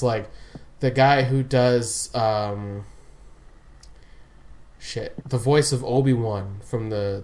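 A man chatting casually with a friend, rambling from point to point. He laughs often and restarts his sentences as he goes. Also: mid-range voice. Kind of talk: casual fan chat.

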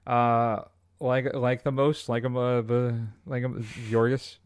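A man's voice: medium pitch, level tone, slow pace, clean tone, no room sound, studio quality. A man co-hosting a film podcast, rambling and joking with many fillers. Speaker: podcast co-host. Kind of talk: casual comedic film chat.

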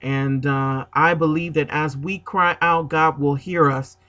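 A man on a gospel radio broadcast announces a prayer segment. He speaks earnestly and pauses on frequent fillers. His voice sits a little high and sounds bright and tense. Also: steady tone.

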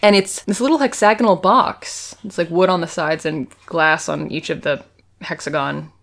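Lowish-voiced woman retelling a TV episode. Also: normal speed, gravelly. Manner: animated retelling, acts out quotes, giggly. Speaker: podcast co-host recapping a TV episode. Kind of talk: casual chat.

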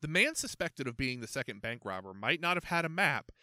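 A man narrating a storybook aloud with a lively, swooping delivery. His voice is bright and forward. The sound is dry and close to the mic, with no room echo. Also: mid-range voice, fairly quick. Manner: expressive, animated reading.

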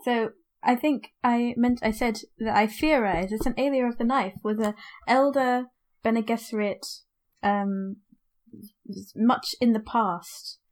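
A woman with a slightly high voice co-hosts a casual book podcast. She rambles, piling up asides and fillers as she talks. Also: slow pace, a little mellow. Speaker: podcast co-host. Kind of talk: casual book-club chat.

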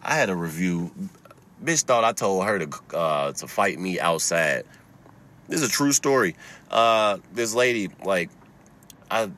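A young man casually telling a story, profane and laughing, getting heated and loud as he goes. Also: low voice.

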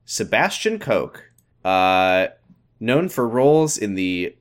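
A man's voice: fairly low pitch, sing-song, takes it slowly. A man co-hosting a comedy podcast, making wry, sarcastic asides in casual banter. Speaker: podcast co-host.

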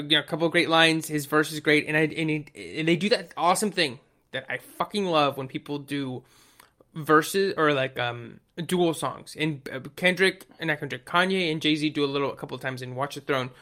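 A man chatting casually about songs he likes, rambling and swearing as he goes. His voice is bright and forceful and sits a bit high. He acts out little quotes along the way. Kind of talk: casual chat about music.

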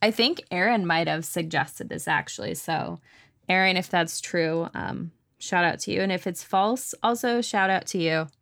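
A woman's voice: lowish voice, moderate pace, gravelly, fairly bright tone, no room sound, studio quality. A young woman co-hosting a podcast, upbeat and giggly as she chats and promotes. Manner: upbeat and giggly, rambling restarts. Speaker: podcast co-host. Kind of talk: casual chat.

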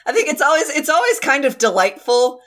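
A woman's voice: high voice, big pitch swings, a little fast, a bit bright. A woman co-hosting a podcast in casual, jokey banter, laughing often and swearing freely. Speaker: podcast co-host.

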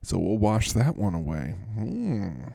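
Man, podcast host, fantasy football talk, playful, teasing, gravelly voice, low pitch. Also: huge pitch swings, slow pace, dark tone, no echo. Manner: playful, teasing, theatrically gushing.

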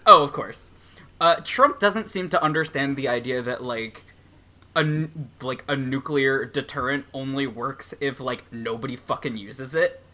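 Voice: mid-range voice, a little slow, sharp tone. A podcast co-host in casual chat, playful and profane.

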